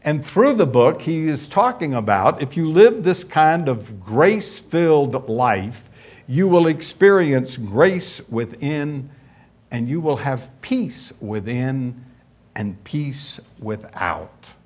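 Guy preaching a sermon, slow and measured, telling a story. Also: medium pitch, sing-song, a little mellow. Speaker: pastor.

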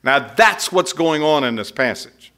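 A male preacher with a fairly high, bright, forceful voice delivers an expository sermon. He talks slowly and emphatically, asking the congregation rhetorical questions. Now and then he drops into quieter, lower asides while explaining. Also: lively intonation. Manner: slow, emphatic, conversational teaching with rhetorical questions.

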